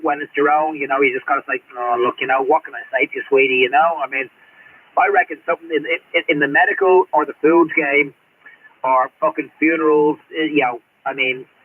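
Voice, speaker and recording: A middle-aged Australian man rambles bluntly with steady swearing. His voice is level and slightly husky. It comes through a thin, tinny CB radio link. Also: on the high side, quick pace. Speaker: CB radio operator. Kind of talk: casual radio chat.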